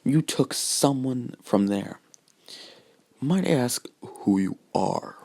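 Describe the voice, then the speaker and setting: A man voicing a scheming old male villain who asks wary, probing questions, delivering the lines in a loose, halting way. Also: mid-range voice, animated, gravelly, dark tone, voice pushed up, full character voice. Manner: loose, halting quoted dialogue.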